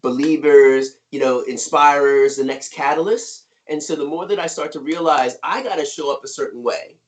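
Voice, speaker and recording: Middle-aged male guest, upbeat and emphatic, slightly high voice, on a video call. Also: moderate pace. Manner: energetic, emphatic, keeps asking "right?". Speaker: author and guest speaker. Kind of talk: conversational interview.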